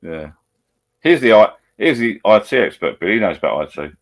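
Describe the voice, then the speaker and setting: A man with an Essex accent rambles cheerfully as he hosts a live chat from home. His voice sits very low, and he drifts from topic to topic like talk at the bar. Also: sing-song, brisk, vocal fry. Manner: rambling, chatty, blokey. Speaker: live stream host. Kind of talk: casual banter over a video call. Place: at home beside a laptop.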